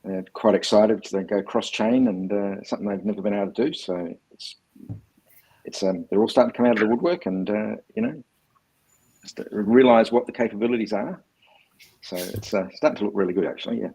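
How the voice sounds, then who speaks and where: Husky low-voiced man. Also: brisk, dark tone. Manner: hesitant, many ums and uhs. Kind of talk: casual chat on a live audio stream.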